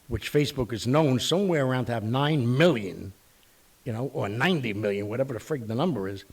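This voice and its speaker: A man's voice: medium pitch, husky, far from the mic. A man hosting his online show, rambling bluntly with mild curses. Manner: animated, blunt, mildly profane, rambling. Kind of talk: casual rambling monologue.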